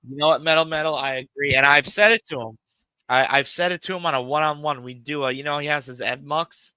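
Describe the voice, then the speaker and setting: A man's voice: fairly high pitch, quick pace, pushed and bright, clean tone, no room sound, low-quality recording. A man on a live stream, ranting in a rambling, profane, emphatic way to his chat. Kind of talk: casual live-stream rant.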